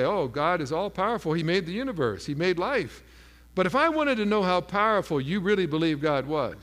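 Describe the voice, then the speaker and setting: A man's voice: on the high side, fairly bright tone. A man preaching a sermon, telling a story and acting out the voices of the people in it. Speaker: pastor. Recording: long hall reverb.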